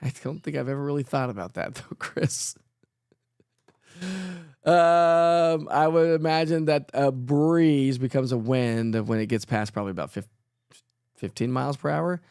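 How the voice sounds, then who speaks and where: A playful man talks through a relaxed live weather show, chatting freely and teasing himself. His voice sits in an ordinary middle range. The sound is close and dry, with no room around it. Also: mid-range voice, moderate pace, clean tone, dry recording. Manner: chatty, playful, self-joking, laughs often. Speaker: weather forecaster host. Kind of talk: casual live weather chat.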